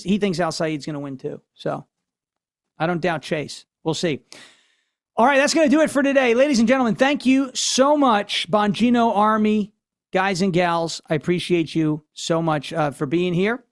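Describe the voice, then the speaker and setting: A man hosting a political commentary show, talking in a brash, mocking, loose way. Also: high voice. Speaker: host.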